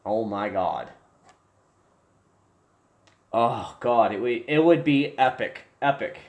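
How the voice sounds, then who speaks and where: A man's voice: medium pitch, takes it slowly. Rambling young man chatting on a livestream. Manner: rambling, restarts often, excitable bursts. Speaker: livestream host. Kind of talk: casual livestream chat. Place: home room with desk and gear.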